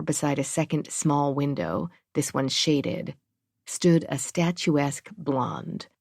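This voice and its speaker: A woman narrating a thriller audiobook in a steady, even reading. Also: low voice, creaky, no room sound, studio quality.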